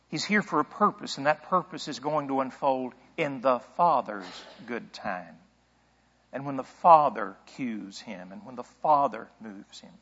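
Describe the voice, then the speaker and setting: A man's voice: mid-range voice, a bit bright. Man, pastor, conversational sermon, rhetorical questions, long hall reverb, muffled sound.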